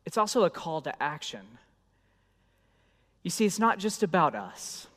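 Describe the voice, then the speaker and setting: A middle-aged man preaching a sermon and telling a lively, self-deprecating personal story. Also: fairly high pitch, measured pace. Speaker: pastor. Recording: long hall reverb.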